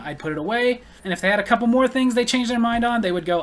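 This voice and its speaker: A man's voice: very high-pitched, animated, fast, hardly any pauses, fairly bright tone. A man telling a story in a casual, blunt, exasperated ranting way. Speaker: storyteller vlogger.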